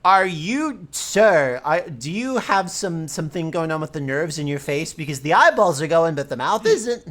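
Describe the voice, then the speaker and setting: A woman's voice: sits low, expressive, normal speed, voice pushed down. A woman voicing an earnest young male defense attorney in a game read-aloud, dramatic and a bit rambling. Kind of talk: reading game dialogue aloud.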